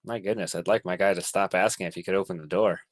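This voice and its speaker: Male player, offhand joking chat, lower voice, dry recording. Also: fairly even intonation, fast talker, no room sound. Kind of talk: casual tabletop chat.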